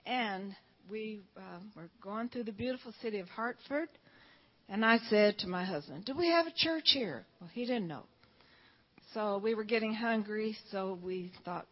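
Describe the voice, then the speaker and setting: Older woman giving church testimony. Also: mid-range voice. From Georgia, USA. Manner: storytelling, fervent, quotes people in dialogue. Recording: dull lo-fi recording.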